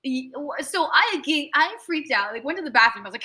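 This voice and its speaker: Slight background noise sits behind a young woman's high-pitched, slightly fast voice. A tattoo artist in a casual interview, she animatedly recounts a long anecdote, swearing freely and mimicking people's voices.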